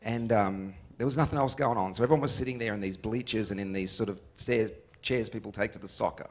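A man, a musician being interviewed. He tells stories in an animated, joking way and laughs often. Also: on the low side, fast talker. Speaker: musician guest. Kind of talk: casual interview storytelling.

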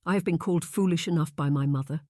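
A wistful young noblewoman pining for a lost love, read by an audiobook narrator. She speaks in hushed, tired tones, close and dry, with a mid-range voice. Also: mid-range voice, fast, no echo, lightly acted. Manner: hushed, resigned delivery. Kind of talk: audiobook character reading.

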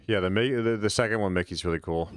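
Man, low voice, casual game-stream chatter, sarcastic asides, dry close mic. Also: fast, no echo. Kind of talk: casual live gameplay commentary.

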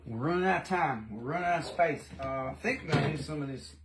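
Gravelly man hosting a live rock sale. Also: a little high, quick pace, noisy background. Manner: chatty, jokey, swears casually. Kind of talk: casual live-stream selling.

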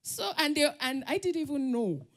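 A woman's voice: high-pitched, sing-song, normal speed. A woman with a Nigerian accent giving a conference talk, telling personal stories, laughing often and acting out the voices she quotes. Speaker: conference speaker. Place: summit stage.

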